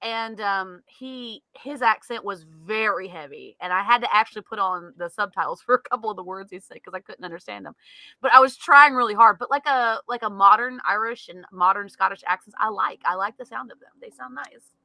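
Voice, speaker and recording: Giggly woman with a bright voice. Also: mid-range voice, a little fast, dry recording. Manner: giggly, laughs often; rambling with many fillers. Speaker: podcast co-host. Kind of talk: casual chat.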